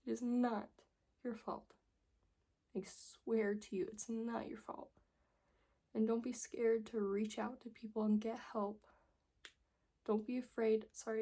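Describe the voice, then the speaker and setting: A young woman speaks straight to her viewers in a personal vlog, tearful and earnest as she pleads with them. Her voice sits a little high but sounds dark, husky and gravelly with fry. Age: young adult. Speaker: vlogger.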